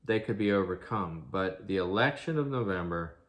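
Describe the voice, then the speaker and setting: Earnest man with a lowish voice. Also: expressive, moderate pace, dull audio. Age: adult, father of an eighteen-year-old. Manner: earnest, rhetorical questions, frequent restarts. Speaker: video commentator. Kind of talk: prophecy commentary monologue.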